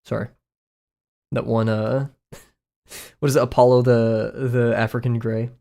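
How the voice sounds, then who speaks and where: Drawing on a laid-back live stream, a young Southern-accented man muses aloud, rambling and self-deprecating with frequent chuckles. His mid-range voice is flat, a little slow, creaky and mellow, and he pauses often.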